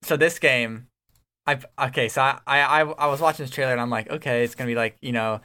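A man co-hosting a casual podcast chat, excitable and rambling, swearing freely as he tells stories. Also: mid-range voice, fast talker. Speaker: podcast co-host.

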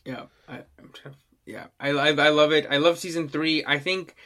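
A man's voice: on the high side, steady tone, moderate pace, pushed and bright. A man co-hosting a podcast in casual chat, rambling with restarts and casual swearing. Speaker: podcast co-host.

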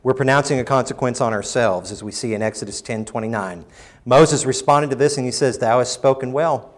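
A man preaching a sermon, rising to emphatic bursts and dropping low and quiet, sometimes acting out quoted lines in mock voices. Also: a little fast. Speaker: pastor.

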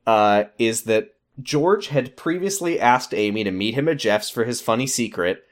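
Brief: male co-host, lively pitch, sweary, retells scenes with quick voices. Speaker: podcast co-host. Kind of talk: casual recap chat.

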